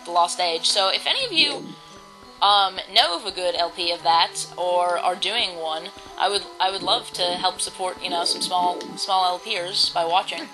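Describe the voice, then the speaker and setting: A woman with a lowish voice and normal speaking speed narrates her video game play in a casual, wandering way, often saying um and restarting sentences. She's a let's play host, the recording is rough, and game music runs underneath.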